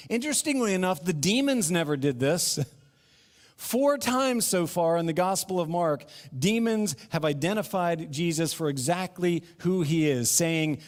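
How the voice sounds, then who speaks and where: A middle-aged man preaches a sermon with animation, slipping into the voices of doubting townspeople. His voice sits a little high for a man. The sound carries the long reverb of a church hall. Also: unhurried. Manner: animated, acts out crowd voices, laughs between points. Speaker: pastor. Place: church sanctuary.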